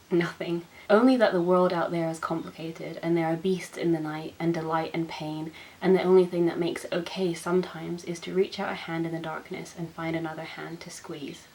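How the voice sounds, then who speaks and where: A young woman hosting a book channel, reading poems aloud in an expressive, self-mocking way. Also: fairly low pitch, poor audio. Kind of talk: poetry reading.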